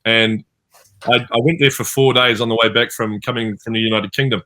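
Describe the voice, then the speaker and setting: A man's voice: medium pitch, fairly even intonation, brisk, bright, forceful tone. A man with a New Zealand accent, chatting as a guest on an online fan panel and telling stories that act out what people said to him. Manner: chatty storyteller, acts out quoted lines. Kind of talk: casual panel chat over video call.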